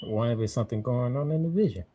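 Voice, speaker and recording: A man co-hosting a casual wrestling podcast, easygoing and quick to laugh as he asks questions. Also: medium pitch, warm tone, dull audio, a little hiss or hum. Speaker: podcast co-host.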